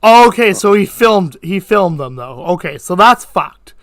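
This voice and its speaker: A man's voice: high voice, expressive, a little slow, no room sound, clean studio sound. A man hosting a casual livestream chat, rambling with lots of filler words and swearing. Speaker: streamer host.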